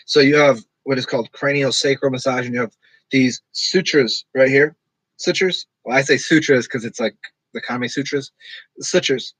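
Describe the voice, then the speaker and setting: Streamer type, male, husky, loose and rambling, self-described monotone, dry close sound at home. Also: medium pitch, no echo, low-quality recording. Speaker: streamer talking to live chat. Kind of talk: casual rambling livestream chat.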